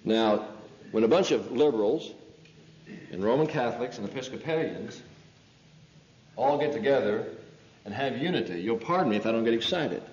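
Male preacher, mellow voice, pressing rhetorical questions; dull old recording in a reverberant hall. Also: medium pitch, lively intonation, normal speed, pauses often. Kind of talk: sermon.

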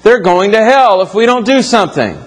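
Slightly high-voiced preacher in a reverberant hall. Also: male voice, lively intonation, normal speed. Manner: conversational, self-correcting preaching. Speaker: pastor. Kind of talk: sermon. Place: church sanctuary.

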